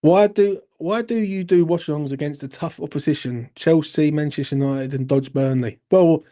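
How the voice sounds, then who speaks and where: Thirties bloke, fan-channel live host, slightly high voice with a warm, dark tone, sweary and chatty. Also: male voice, moderate pace. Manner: blunt, sweary, chatty, addresses viewers as mate. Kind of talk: live-stream fan chat, reading viewer comments.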